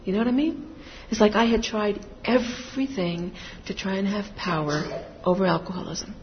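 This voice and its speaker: With a mid-range voice and moderate pace, a middle-aged woman candidly confesses her recovery story to a group as her emotions swing. It's a distant recording in a reverberant hall, dull and faintly noisy.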